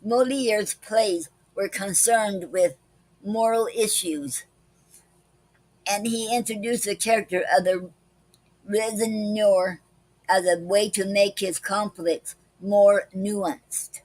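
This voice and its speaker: A woman's voice: mid-range voice, fairly even intonation, a little mellow, no room sound, poor audio. A woman hosting a poetry club live stream, reading poems and explaining a poetic form and a word of the day, with frequent "okay"s between parts. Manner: slow, careful reading with many "okay"s.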